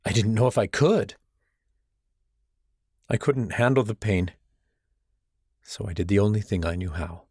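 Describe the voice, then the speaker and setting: A young man reads a first-person novel with a brooding, intense edge. His voice sits low, and the recording is dry and close with no room sound. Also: a little slow, long pauses, darkish tone, slightly rough, dry recording. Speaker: audiobook narrator. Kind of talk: first-person audiobook narration.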